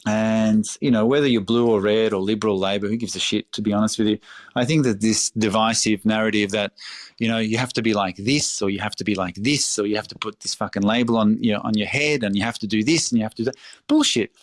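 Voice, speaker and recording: The guest is a middle-aged Australian restaurateur talking on a podcast in a fairly low, steady voice at a fast clip. He's emphatic and passionate, swearing openly and repeating himself. The recording is clean studio sound without echo.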